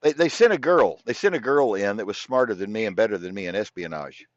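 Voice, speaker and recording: A man's voice: lowish voice, expressive, quick pace, no room sound. A man speaking as an interview guest, telling long stories in a rambling, profane way and repeating himself. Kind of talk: casual storytelling interview. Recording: dull lo-fi dry sound.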